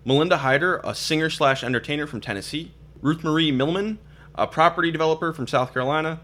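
Talking fast in a fairly high, somewhat bright voice, this young Minnesotan hosts a laid-back podcast. His style is chatty and meandering, packed with filler words and false starts.

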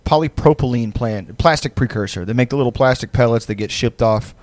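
A man's voice: medium pitch, brisk, a little mellow, no room sound. A man co-hosting a podcast in casual chat, rambling and profane with lots of fillers, laughing often. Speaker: podcast co-host.

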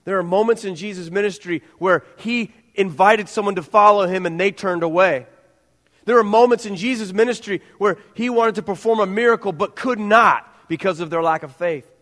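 A man's voice: high-pitched, normal speed. Middle-aged pastor guy preaching, earnest and worked up, trips over his words a bit, echoey church. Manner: earnest, building to animated emphasis, stumbling restarts. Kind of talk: sermon.

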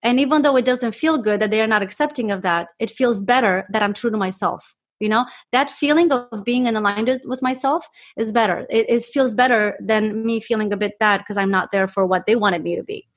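A woman guest speaks with earnest enthusiasm in a slightly high voice. She often restarts her sentences as she speaks. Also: fairly quick, hardly any pauses. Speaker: guest, health provider. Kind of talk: casual interview talk.

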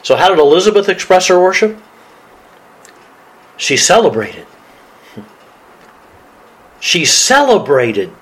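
A male pastor preaches a sermon with a lively, swooping delivery and a slightly raised voice. He reads scripture aloud and laughs easily. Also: high-pitched, slow pace, pauses often, low-quality recording.

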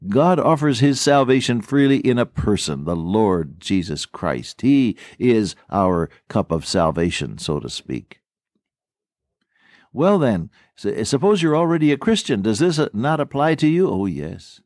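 A man's voice: mid-range voice, sing-song, measured pace, darkish tone, dry recording, studio quality. A man preaching a radio sermon, telling folksy stories and acting out little bits of dialogue. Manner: folksy storytelling with acted-out dialogue.

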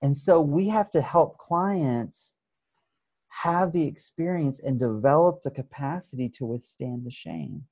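A man who works as an addiction therapist, explaining his approach in an interview with thoughtful pauses and frequent restarts. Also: a little high, warm tone, slightly rough, no echo. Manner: thoughtful, many restarts, acts out examples.

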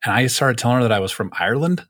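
A man's voice: medium pitch, expressive, rapid-fire, fairly bright tone, dry recording. Casual rambling man, dry close sound. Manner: rambling, lots of fillers and restarts; swears casually. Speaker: podcast co-host. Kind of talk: casual chat.

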